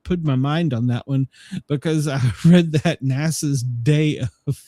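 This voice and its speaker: A man's voice: a little high, unhurried, dry recording, clean studio sound. A man hosting a casual podcast who tells stories with a lot of chuckling and acts out other people's lines. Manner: animated storyteller, chuckling, mimicking people. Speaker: podcast host. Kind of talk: casual chat.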